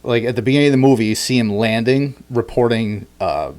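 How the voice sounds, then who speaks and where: Male podcast host, casual chat, rambling and lively, middle pitch. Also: fairly quick, clear, resonant tone. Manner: rambling, animated storytelling with frequent restarts.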